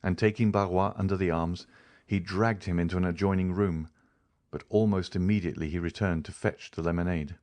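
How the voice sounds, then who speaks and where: A male narrator reads a classic novel in a very low voice. He tells the story at an even, steady pace, unhurried and controlled. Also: no room sound. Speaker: audiobook narrator. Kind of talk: scripted narration.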